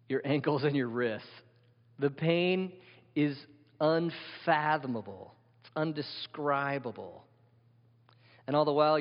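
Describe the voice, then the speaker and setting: A man preaching a sermon as pastor, vivid and emphatic, asking the congregation rhetorical questions. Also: mid-range voice. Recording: dull sound with long hall reverb.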